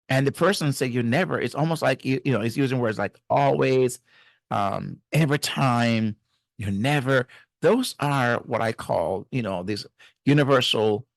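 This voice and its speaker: A man's voice: medium pitch, no room sound, studio quality. A middle-aged man, a marriage and family therapist, giving faith-based relationship advice in an earnest, teacherly way and speaking to the viewer directly.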